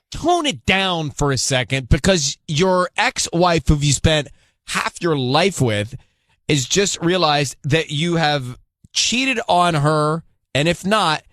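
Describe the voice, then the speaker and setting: A man's voice: on the high side, a bit bright, no room sound, studio quality. A man hosting a radio call-in segment, pressing a caller with incredulous questions. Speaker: radio host.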